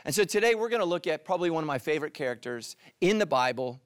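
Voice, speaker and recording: A middle-aged man preaches with humor, telling stories and then dropping low and quiet to drive a point home. His voice sits a bit high for a man, and the recording is close and dry. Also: animated, fast talker, clean tone, dry recording. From California. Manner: humorous storytelling, drops to hushed tones for emphasis. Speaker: pastor. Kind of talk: sermon.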